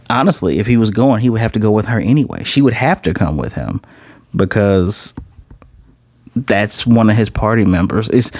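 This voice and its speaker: A man casually recapping and reviewing an anime episode, animated, slipping into quoted dialogue as he retells scenes. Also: fairly low pitch, dry recording.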